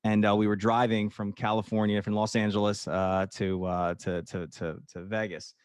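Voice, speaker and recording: A man's voice: fairly low pitch, level tone, normal speed, clear, resonant tone, no echo. A man with a Northeast Philadelphia accent co-hosting a business podcast in casual chat, rambling and repeating words as he talks. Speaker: podcast co-host.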